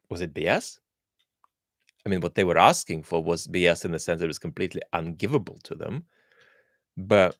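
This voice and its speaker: A man's voice: deep voice, a little fast, long pauses, no room sound, studio quality. A man born in Russia hosting a live question-and-answer chat, thinking aloud and answering viewers with frequent ums and restarts. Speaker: host.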